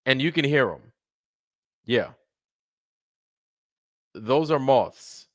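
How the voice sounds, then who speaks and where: A male livestream host chats loosely with viewers in a profane, laid-back way, sometimes drifting into mocking impressions. His medium-pitched voice is very slow with lively intonation, recorded cleanly in the studio with no room sound.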